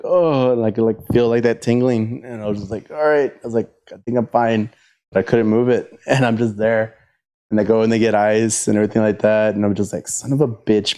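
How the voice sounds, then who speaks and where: A man's voice: lowish voice, a little mellow. Laid-back profane man telling a story. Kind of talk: casual storytelling chat.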